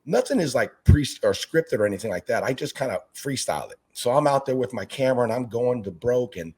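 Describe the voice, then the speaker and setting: A husky-voiced middle-aged man talks in a relaxed interview. He is energetic and chatty and slips into quick voices to act out conversations. His pitch sits in an ordinary middle range. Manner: energetic, talkative, acts out quoted exchanges. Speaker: fish-keeping YouTuber and basketball coach, interview guest. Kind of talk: casual interview chat.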